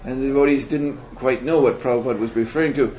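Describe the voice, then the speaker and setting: A man's voice: mid-range voice, fairly even intonation, darkish tone. Man lecturing on a dull, hissy recording. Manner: measured, reflective, frequent hesitations. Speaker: seminar teacher. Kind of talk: spiritual lecture. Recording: dull lo-fi recording with faint hiss.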